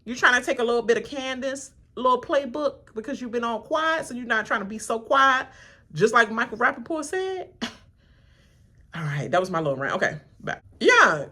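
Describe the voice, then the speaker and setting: Woman reaction vlogger, ranting in a bright, lively voice and slipping into mocking impressions. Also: moderate pace. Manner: animated, laughing, acts out cast members in high mocking voices. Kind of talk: casual reaction rant.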